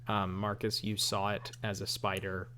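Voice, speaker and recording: A man narrating as game master of a tabletop role-playing game, relaxed and halting, with frequent ums and light laughs. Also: fairly low pitch, noisy background.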